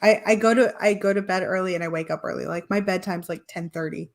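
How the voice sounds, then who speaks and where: A woman's voice: lowish voice, steady tone, fast, slight background noise. A young adult woman hosting a casual podcast chat, chatty and laughing often. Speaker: podcast host.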